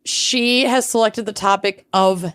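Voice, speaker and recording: A woman's voice: medium pitch, steady tone, a little slow, fairly bright tone, smooth, no echo, studio quality. A woman co-hosting a podcast in upbeat casual chat, often repeating phrases for emphasis. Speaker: podcast co-host.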